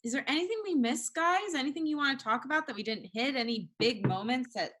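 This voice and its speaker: A woman's voice: high voice, expressive, quick pace. A woman hosting a casual TV aftershow, eagerly leading the group through favorite moments. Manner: bright, eager, leads the discussion. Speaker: aftershow host. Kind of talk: casual TV recap chat.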